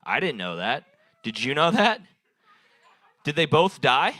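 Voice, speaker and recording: A man's voice: fairly high pitch, very animated, unhurried, sharp tone, no room sound. A young man doing rambling improvised stand-up at an open mic, taking audience suggestions and laughing at his own jokes. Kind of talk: improvised stand-up crowd work. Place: bar stage at an open mic night.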